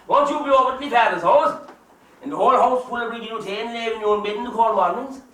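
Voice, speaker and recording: A man with an Irish accent playing a loud, teasing, scheming countryman in an amateur stage play, heard from far off on an echoey stage. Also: extremely high pitch, fast. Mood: coaxing. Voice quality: teasing, boisterous and pushy. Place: theatre stage. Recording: echoey stage recorded from far off with faint hiss.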